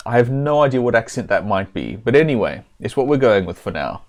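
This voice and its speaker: A man's voice: mid-range voice, big pitch swings. Chatty man streaming a game. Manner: chatty, self-deprecating, halting with fillers and throat clearing. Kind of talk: casual game commentary and reading.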